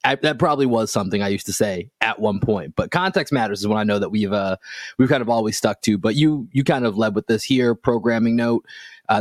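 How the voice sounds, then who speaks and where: A man's voice: mid-range voice, no room sound. Upbeat male podcast host, mid-range voice, dry close mic, casual sports chat. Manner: upbeat, chatty, loose phrasing.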